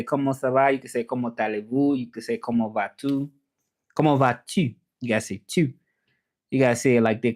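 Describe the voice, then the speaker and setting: A man with a Southern US accent chatting casually on his livestream, relaxed and talkative, repeating phrases and slipping in some French. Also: medium pitch. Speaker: interpreter and livestream host.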